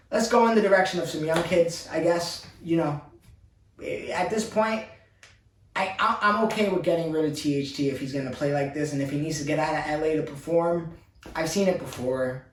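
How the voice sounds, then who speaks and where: A man's voice: a little high, moderate pace, echoey room, recorded from a distance. A man delivering an exasperated basketball fan rant, repeating his complaints as he vents. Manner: exasperated, repetitive ranting.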